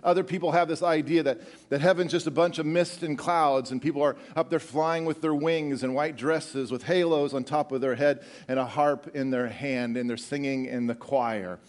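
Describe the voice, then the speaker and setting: Male pastor, middle-aged, sermon, animated, joking, slightly high voice. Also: moderate pace, hardly any pauses. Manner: animated, repeats words, joking with the congregation.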